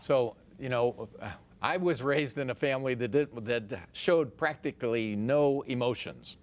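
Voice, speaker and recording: Older man speaking in a measured, reflective way. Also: mid-range voice. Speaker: talk show guest. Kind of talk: TV talk show interview. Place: TV studio.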